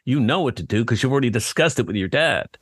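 A man's voice: medium pitch, lively intonation, quick pace, slightly rough, no echo. A man co-hosting a casual podcast chat, rambling with lots of fillers and acting out quoted dialogue. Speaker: podcast co-host.

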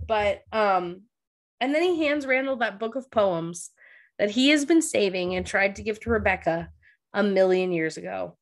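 A woman's voice: medium pitch, normal speed. A woman co-hosting a podcast, chatting about a TV episode in a talkative, emotional way. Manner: emotional, talkative, laughs and gets teary. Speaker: podcast co-host. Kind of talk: casual chat recapping a TV episode.

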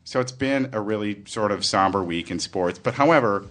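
A man's voice: lowish voice, moderate pace, fairly bright tone. A man co-hosting a podcast in casual, upbeat, joking chat. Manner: upbeat, jokey. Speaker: podcast co-host.

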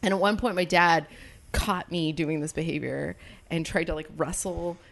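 A woman's voice: on the low side, steady tone, moderate pace, creaky. A woman hosting a podcast, telling loose, jokey stories in casual chat. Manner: loose, jokey storytelling with frequent laughs. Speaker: podcast host.

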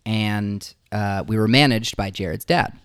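Musician guest, male, low voice, halting and reflective, dry recording. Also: fairly bright tone, smooth, no echo. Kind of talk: casual interview storytelling.

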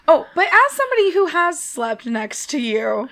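A young woman with a fairly high voice chats on a podcast. She tells stories with plenty of energy, acting out the lines of the people in them and laughing along the way. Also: normal speed. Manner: animated storyteller, acts out quotes, laughs often. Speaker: podcast co-host. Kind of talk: casual chat.

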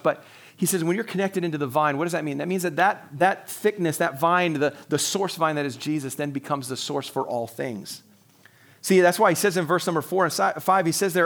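A man with a fairly high voice delivers a Sunday sermon as the pastor, chatting with the congregation more than lecturing. He drops into short acted-out exchanges and chuckles along the way, keeping it loose and personal. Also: a bit bright. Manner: conversational preaching, acts out dialogue with God, laughs often.

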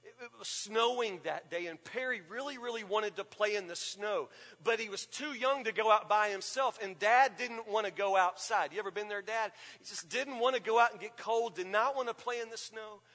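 A man's voice: high voice, normal speed, hardly any pauses, pushed and bright. A man preaching a sermon as pastor, emphatic and repetitive, often asking the congregation questions. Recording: long reverb of a large hall.

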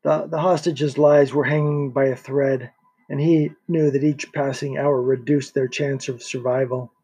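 A man narrating a thriller audiobook in a steady reading voice, with a few small restarts. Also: medium pitch, a little slow, slightly rough.

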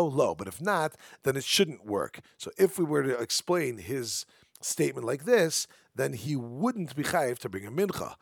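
A man's voice: mid-range voice, dry recording. A man teaching a Talmud lesson, reading the text in a sing-song study chant and explaining each phrase in casual English.

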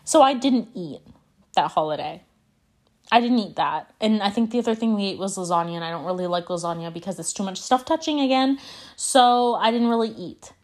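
A woman's voice: medium pitch, expressive, fairly quick, darkish tone. Chatty young woman hosting a podcast. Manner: rambling, chatty, full of "like" and restarts; dramatic, exaggerated declarations. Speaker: podcast host. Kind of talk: casual solo podcast chat.

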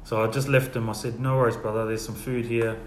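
A man shares church testimonies in a relaxed storytelling way and dips quietly into the voices of the people in his story. The room sounds echoey, with a faint hum of ambient noise behind him. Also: medium pitch, quick pace. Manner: storytelling, acts out quoted dialogue softly. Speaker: guest sharing testimonies. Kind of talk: casual church testimony chat.

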